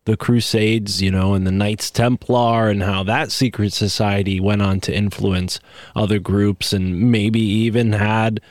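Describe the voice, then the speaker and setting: Male podcast host, lower register, dry close sound, rambling conversational delivery. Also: little pitch movement, unhurried, dry recording. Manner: rambling, many asides and restarts. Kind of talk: casual conversation.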